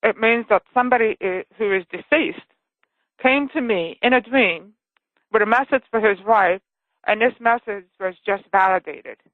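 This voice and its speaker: A woman author telling a personal story as an earnest guest, often checking in with a quick "okay?". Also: medium pitch, no echo. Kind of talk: phone interview, personal story. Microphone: telephone. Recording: tinny phone line.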